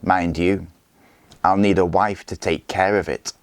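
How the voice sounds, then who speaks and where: A man voicing a scheming, boastful Viking warlord who speaks with smooth-talking menace in a read-aloud story. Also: sits low, fairly even intonation, unhurried, dry recording. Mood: mocking.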